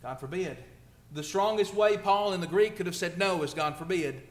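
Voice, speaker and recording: A man's voice: sits high, normal speed, roomy sound. A male preacher delivering a conversational sermon, asking rhetorical questions and building emphasis. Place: church.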